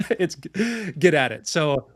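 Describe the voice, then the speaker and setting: A man's voice: a little high, very animated, takes it slowly, no room sound. An earnest man speaks as a pastor in a guest interview. He explains things through everyday examples and laughs easily. His mid-range voice is recorded close and dry. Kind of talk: conversational interview.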